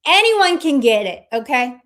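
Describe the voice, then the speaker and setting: A woman's voice: sits high, big pitch swings, normal speed, a bit bright. A woman hosting a livestream, ranting in casual chat in a blunt, profane and combative way. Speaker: livestream host.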